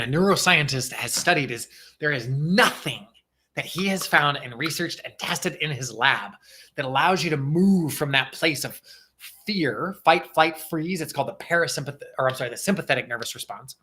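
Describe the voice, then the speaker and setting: A man whose voice sits on the high side and sounds sharp coaches viewers during a livestream. Earnest and emphatic, he repeats phrases for effect while leading guided breathing and talking.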